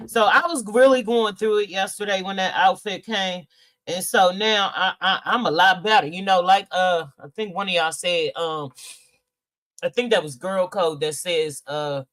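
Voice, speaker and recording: A middle-aged podcast host with a mid-range, fairly bright voice chats casually with viewers on a livestream, reading their comments. She comes across candid and emotional, teary, and swears freely.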